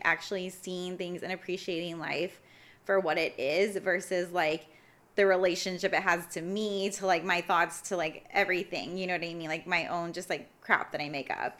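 A woman's voice: fairly low pitch, a bit bright. A young woman in casual conversation, talking reflectively with many fillers and restarts. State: briefly emotional. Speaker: podcast guest.

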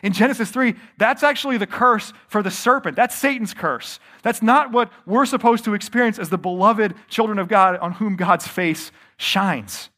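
Man, pastor, sermon, fairly high voice, calls listeners friends. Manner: varies pace and loudness, slows for emphasis.

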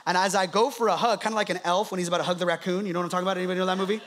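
A man, a pastor, preaching with animated, laughing storytelling. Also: high-pitched, rapid-fire, few pauses. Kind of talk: sermon.

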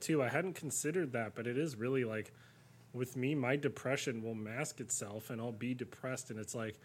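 A man co-hosting a podcast, talking frankly and wryly and swearing freely. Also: mid-range voice. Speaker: podcast co-host. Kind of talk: candid podcast chat.

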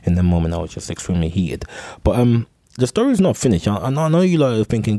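A man's voice: fairly low pitch, animated, quick pace, dark tone, no room sound. A young man telling a long, rambling story alone on his podcast. He stumbles over and repeats words and swears freely. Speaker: podcast host.

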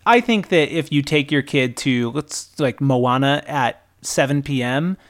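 A man in his thirties co-hosting a casual chat, animated and emphatic, his pitch swinging up sharply. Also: measured pace. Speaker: podcast co-host.

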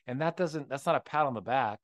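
A man's voice: mid-range voice, a little fast, no echo. A man co-hosting a faith podcast who tells stories candidly and keeps checking in with "right?". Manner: candid storytelling, tags with "right?". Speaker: podcast co-host. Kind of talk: casual faith conversation.

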